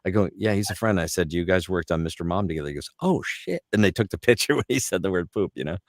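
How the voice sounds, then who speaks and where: Middle-aged male voice actor, very low voice, close dry sound, lively storyteller who drops into quick impressions. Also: dry recording. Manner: animated anecdotes, slips into character voices for quotes. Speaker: voice actor guest. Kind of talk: casual storytelling chat.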